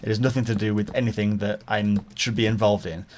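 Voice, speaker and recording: A man's voice: lowish voice, little pitch movement, fairly quick, darkish tone, slight background noise. A man chatting casually while he plays a game, rambling and muttering between stories. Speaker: gaming podcaster. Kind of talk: casual gaming commentary and storytelling.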